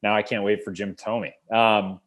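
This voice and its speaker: A man hosting a casual sports podcast, reading a quick sponsor note and wrapping up. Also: fairly low pitch, little pitch movement. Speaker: podcast host. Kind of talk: casual chat and ad read.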